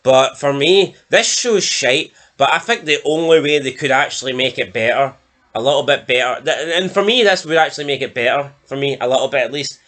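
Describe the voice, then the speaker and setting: A man's voice: medium pitch, expressive, a little fast, a bit bright. Sweary Scottish man reviewing a show. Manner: blunt, sweary, mocking. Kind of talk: casual podcast review chat.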